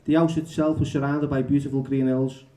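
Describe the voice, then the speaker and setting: A man's voice: mid-range voice, level tone, fairly quick, warm tone. A man telling candid stories and reading his own book aloud at a bookshop event, frank and self-mocking, chatty with lots of fillers. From England.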